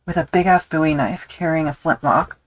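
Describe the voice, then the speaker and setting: A woman's voice: sits low, a little fast, low-quality recording. A woman chatting casually on a live stream while she tools leather, rambling and joking at her own expense. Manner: rambling, self-deprecating, thinks aloud with fillers.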